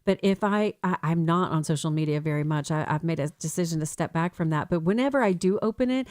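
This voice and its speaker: A middle-aged American woman hosting a faith-based radio talk show, speaking in a casual, animated way. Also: low-pitched, fast, no room sound, clean studio sound. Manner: animated, mimics ads in a sing-song voice.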